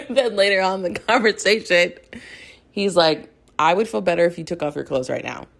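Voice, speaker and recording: A woman's voice: fairly low pitch, moderate pace, vocal fry. A young woman hosting a podcast, gushing in a rambling casual chat full of "like" and laughter as she recaps a TV episode. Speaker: podcast host.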